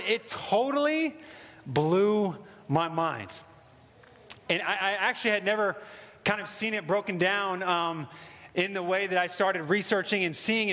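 A man preaching a sermon with an American accent, in a casual, excited way with lots of fillers. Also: high voice, big-room sound. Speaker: pastor.

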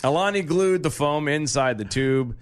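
A man's voice: a little high, lively intonation, normal speed, clean tone. Tired forties guy cohosting a podcast, jokes around and laughs a lot, reads out news bits. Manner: joking, laughs often. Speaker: podcast co-host. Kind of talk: casual chat, reading news stories.

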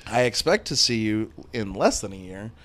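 A man's voice: fairly low pitch, expressive, normal speed, a bit bright. Laid-back man hosting a podcast. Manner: laid-back storyteller, swears freely. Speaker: podcast host. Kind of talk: casual chat.

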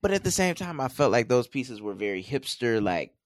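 A man's voice: medium pitch, very animated, fairly quick, no room sound, clean studio sound. A man co-hosting a podcast, casually recapping an episode with a rambling delivery full of filler words. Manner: rambling, many "you know" fillers. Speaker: podcast co-host.

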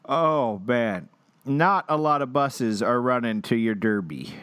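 A man's voice: mid-range voice, expressive, takes it slowly, a bit bright, clean tone, no room sound. A man co-hosting a podcast, chatting casually and jokingly with frequent laughs and fillers. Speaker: podcast co-host. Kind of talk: casual comedic chat.

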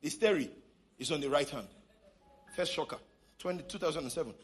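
A male pastor with a Nigerian accent, preaching a sermon to a congregation and leading shouted declarations. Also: fairly high pitch, brisk. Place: church hall with congregation.

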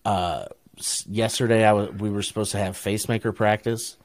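A man's voice: lowish voice, fairly even intonation, normal speed, dry recording. A middle-aged man with an Ohio accent, telling a long story on a podcast in a laid-back, profane way and laughing often. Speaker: podcast co-host. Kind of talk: casual chat, storytelling.

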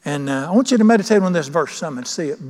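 A man's voice: on the high side, animated, fast talker, a little mellow. A pastor preaching a sermon, emphatic and questioning his congregation. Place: church sanctuary. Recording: long church reverb.

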